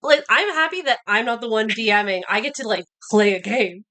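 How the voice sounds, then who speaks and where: A woman's voice: on the high side, lively intonation, brisk, sharp tone. A woman playing a tabletop game, giggly, chatty and encouraging. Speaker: player. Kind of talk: casual chat while gaming.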